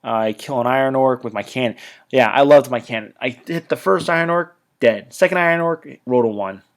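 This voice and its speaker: Talking briskly in a middle-pitched voice, a man delivers a laid-back recap of a tabletop wargame battle. His chat comes in stop-start bursts and wanders off into trailing asides.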